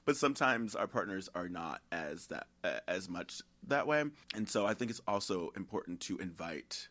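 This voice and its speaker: Man host, low voice, teasing and playful, unhurried casual chat. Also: expressive, a bit bright. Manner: playful, teasing, sometimes drawn-out. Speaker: podcast host.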